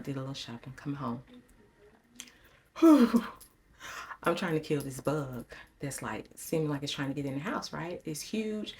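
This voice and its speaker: A woman's voice: low-pitched, a little hiss or hum. A middle-aged woman, talking to viewers in a casual vlog, telling a story dramatically with repeated phrases while her voice trembles. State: shaken, voice trembling. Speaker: lifestyle vlogger.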